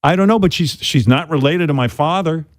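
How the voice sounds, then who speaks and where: A man's voice: on the high side, a little fast. A man hosting a radio talk show, telling stories in a blunt, profane, exasperated way. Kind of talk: talk radio chat, storytelling.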